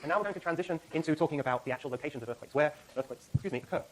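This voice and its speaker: A middle-aged man, a university lecturer, giving class announcements in a lecture hall, talking rapidly with many fillers and self-corrections. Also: a little high, slight background noise.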